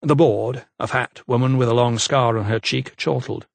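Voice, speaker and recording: Measured male audiobook narrator, dry close sound. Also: medium pitch, steady tone, creaky, dry recording. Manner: measured, evenly paced storytelling. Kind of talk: scripted narration.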